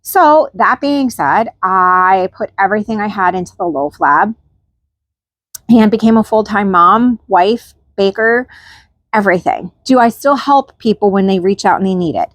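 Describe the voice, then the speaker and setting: A woman's voice: mid-range voice, expressive, moderate pace, a bit bright, no echo. A woman host chatting candidly to camera, frank and informal, often tagging lines with "like" and "right?". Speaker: channel host. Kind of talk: casual chat to camera.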